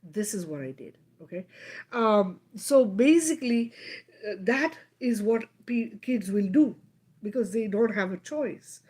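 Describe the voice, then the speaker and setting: A woman's voice: mid-range voice, lively intonation, unhurried, a little mellow, husky. A middle-aged woman hosting a live stream, telling a personal story emphatically and often checking in with her listeners. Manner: emphatic, keeps checking in with "right?" and "okay?".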